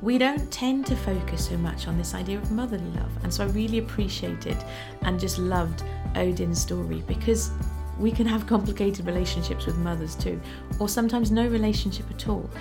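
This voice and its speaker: Gravelly-voiced woman host over music. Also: medium pitch, moderate pace. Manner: earnest and appreciative. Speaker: show host. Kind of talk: reflective host commentary. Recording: music playing behind.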